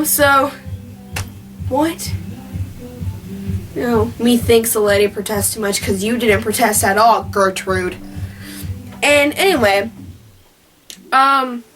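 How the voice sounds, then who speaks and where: Brief: a young woman vlogger with a high, unhurried voice, casually retelling a story, recorded from a distance. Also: a bit bright. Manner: rambling, with many fillers and restarts. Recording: distant mic with faint music.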